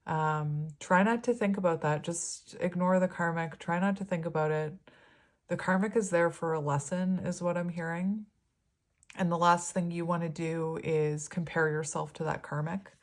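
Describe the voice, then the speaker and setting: A woman giving a tarot reading, reading card meanings aloud and talking them over in a gentle, rambling way. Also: fairly low pitch, steady tone, moderate pace. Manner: gentle, rambling, with frequent fillers and soft laughs. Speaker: tarot reader.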